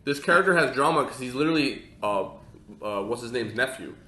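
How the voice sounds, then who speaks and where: A man co-hosting a podcast in casual chat, opinionated and halting, with many fillers. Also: mid-range voice, animated, pushed and bright. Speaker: podcast co-host. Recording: roomy echo.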